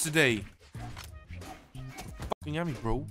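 A young man giving gameplay commentary as a channel host, excitable and swearing constantly as he yells at opponents. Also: medium pitch, normal speed, no echo, soft background music.

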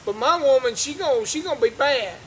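A man's voice: extremely high pitch, expressive, a little fast, a little hiss or hum, rough recording. A man co-hosting a casual talk show, chiming in with short remarks in loose, slangy grammar. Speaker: co-host. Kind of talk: casual banter.

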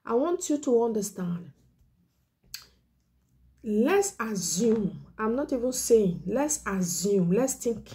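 A woman's voice: medium pitch, animated, a little slow, mellow. A woman evangelist preaching an emotional sermon, pleading earnestly, repeating her points and sometimes dropping to a whisper. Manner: drops to a whisper on key words. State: emotional, near tears. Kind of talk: exhortation sermon.

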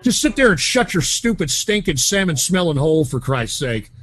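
A man with a fairly high voice rants and swears on prank phone calls, and he is loud and abrasive the whole way through. His voice sounds close and dry, with almost no room around it. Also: big pitch swings, moderate pace, dry recording. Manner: loud, profane, ranting. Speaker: prank caller host.

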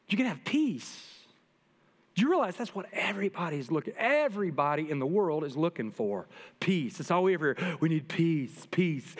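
A middle-aged man, a pastor, preaching a sermon to his congregation in a lively, humorous way that speaks straight to the people. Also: on the high side, fairly quick. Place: church sanctuary. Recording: long reverb from a church hall.

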